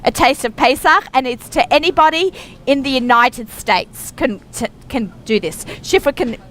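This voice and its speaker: A woman's voice: sits high, moderate pace, a bit bright. A middle-aged woman from Australia hosting a radio show, chatting in a bubbly way with many fillers, recorded live in a busy store. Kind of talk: casual chat. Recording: faint store noise behind.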